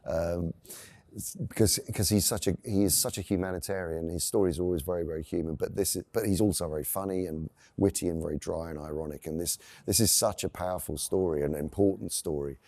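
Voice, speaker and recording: A man's voice: low voice, steady tone, quick pace, darkish tone, no room sound. A middle-aged man, an actor being interviewed, answering earnestly and searching for his words. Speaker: actor guest.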